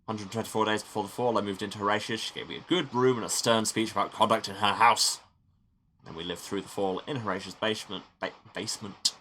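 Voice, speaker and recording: Low-voiced man with a bright tone. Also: steady tone, quick pace, a little hiss or hum. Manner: alternates reading story text with wry asides. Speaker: let's play host. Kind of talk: game playthrough commentary, reading text aloud.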